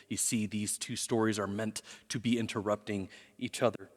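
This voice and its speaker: A middle-aged man preaching a sermon in a lively storytelling way, with jokes and acted quotes. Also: on the low side, normal speed, few pauses. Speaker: pastor. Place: large church auditorium. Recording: long hall reverb.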